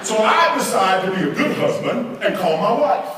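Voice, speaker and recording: Animated man telling stories in an echoey hall. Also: sits high, moderate pace, a crowd in the background. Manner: animated, addresses audience with asides. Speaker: conference speaker. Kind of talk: humorous storytelling to a live audience. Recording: echoey hall, miked from a distance.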